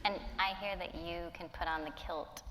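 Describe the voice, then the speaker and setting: A woman's voice: lowish voice, fairly even intonation, normal speed, fairly bright tone, big-room sound, slight background noise, poor audio. A woman moderator asking playful, teasing questions on a stage. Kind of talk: interview questions.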